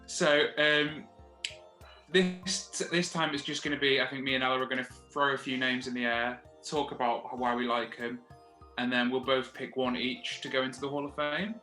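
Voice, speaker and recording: A man's voice: medium pitch, steady tone, normal speed, bright, forceful tone, faint music behind. A man co-hosting a podcast, dry and blunt, swearing casually. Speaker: podcast co-host. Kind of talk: casual chat. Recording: echoey room.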